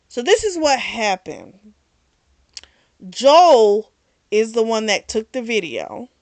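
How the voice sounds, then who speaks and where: A woman hosting a book club vlog, chatting her way through a story recap with lively asides. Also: fairly high pitch, slow, creaky, long pauses, dry recording.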